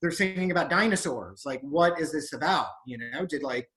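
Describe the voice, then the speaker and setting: A man's voice: a little high, lively intonation, normal speed, fairly bright tone. A man doing a stand-up comedy set over a video call, with a casual, rambling, self-mocking delivery.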